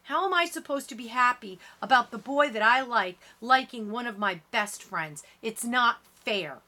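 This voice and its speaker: A woman reading an audiobook, voicing a hurt junior-high girl arguing heatedly with her friends. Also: animated, unhurried, exaggerated voice. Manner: shouting, heated.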